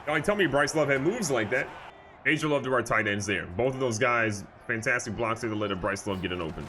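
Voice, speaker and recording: A man giving excitable, jokey live commentary over a football video game, moving from calm play calling to loud outbursts. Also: medium pitch, fairly quick, slight background noise. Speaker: gaming YouTuber.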